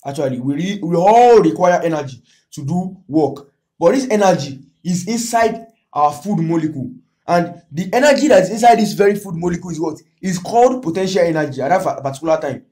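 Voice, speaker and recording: A Nigerian man with a fairly high voice teaches an exam revision lesson. He keeps asking "what?" and supplies the answer himself. His voice is close to the mic, over the lesson slides. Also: animated, fairly quick, warm tone.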